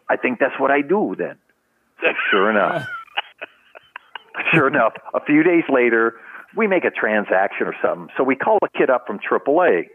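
A man's voice: medium pitch, narrow, tinny audio, a little hiss or hum. An older man, a retired baseball trainer, telling stories in a casual interview and acting out the voices of the people in them. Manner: animated storyteller acting out quotes, laughs often. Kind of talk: casual storytelling in a podcast interview.

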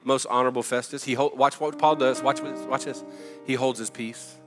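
A man preaching a sermon in an energetic, emphatic, conversational way. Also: medium pitch, moderate pace, long reverb tail, over music. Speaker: pastor.

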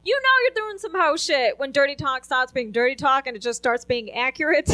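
A woman's voice: high voice, lively intonation, normal speed, bright, forceful tone. A young woman doing a stand-up set on a club stage, brash and profane, laughing at her own jokes. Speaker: stand-up comedian.

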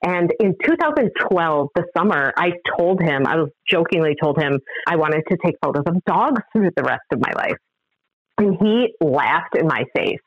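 A woman's voice: low-pitched, expressive, normal speed, no echo, lo-fi sound. A middle-aged woman telling a story as a podcast guest, acting out other people's lines. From Upper Midwest of the United States. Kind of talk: animated storytelling.

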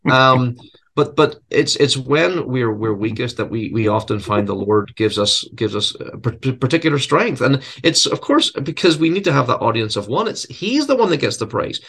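A man's voice: medium pitch, animated, moderate pace, vocal fry, hardly any pauses, fairly bright tone, breathy edge. Earnest, self-deprecating male preacher. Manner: often repeats words while searching for phrasing. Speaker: seminary church history professor and preacher. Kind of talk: conversational interview answer.

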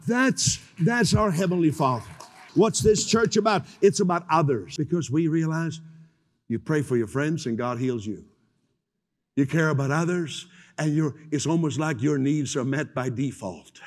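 An older male pastor delivers a sermon with a slightly high-pitched voice, jumping into acted-out voices as he tells stories. The sound carries a long reverb, as if filling a large church hall. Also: normal speed. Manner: animated storytelling, acts out voices.

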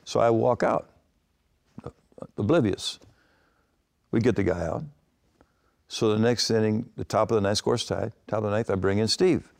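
A man's voice: fairly low pitch, steady tone, moderate pace, creaky, long pauses. An older man, a former baseball manager, telling long rambling anecdotes in an interview, with frequent restarts. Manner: rambling anecdotes with many restarts and acted quotes. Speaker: retired baseball manager, guest. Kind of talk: storytelling interview answers.

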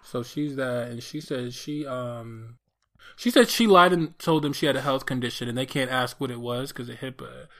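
A man co-hosting a podcast in casual chat, animated and profane, with sassy asides and restarts. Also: medium pitch, moderate pace. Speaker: podcast co-host.

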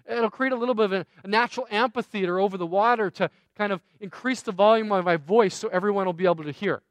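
A man voicing Jesus as an easygoing, friendly teacher in a sermon retelling, in a casual, quick way. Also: high-pitched, no echo, natural voice.

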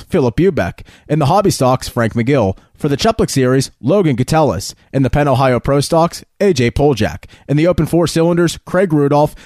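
A man's voice: fairly high pitch, darkish tone, dry recording, studio quality. A man reading a scripted speedway announcement, steadily listing sponsor and champion names.

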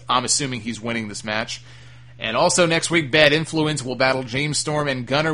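A man's voice: mid-range voice, pushed and bright. A man hosting a solo podcast, recapping and reading listener mail in a frank, opinionated way with casual swearing. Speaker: wrestling podcast host.

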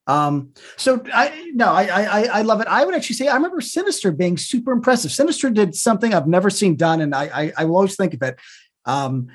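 A co-host in casual chat, talking in an animated way with stammering restarts. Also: mid-range voice, fast talker, breathy edge.

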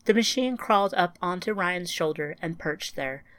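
A woman reads a short story aloud in a measured, even way, as the podcast's narrator. Her voice sits low, and the recording is dry and close with no room sound. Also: dry recording. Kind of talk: scripted narration.

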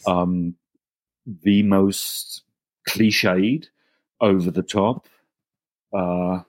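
A man, a guest actor, telling animated stories in a casual interview and often restarting his sentences. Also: lowish voice, no room sound. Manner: animated anecdotes with frequent restarts.

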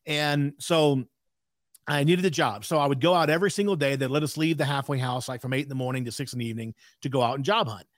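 A man's voice: mid-range voice, fast talker, dry recording, studio quality. A man in his sixties, a podcast guest telling a candid story in an emphatic way with frequent asides.

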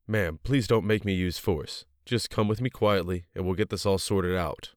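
A stern military officer making an arrest, voiced by a male narrator. His deep voice is firm and commanding, slow and measured, in a dry, close recording. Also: no room sound, lightly acted.

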